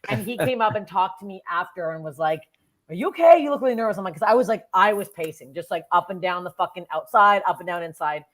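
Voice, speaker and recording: A woman's voice: fairly low pitch, quick pace, hardly any pauses. Canadian woman comic on a podcast, swearing a lot, acting out voices in her stories. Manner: swears freely, animated quoted voices. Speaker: comedian guest. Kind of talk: casual podcast storytelling.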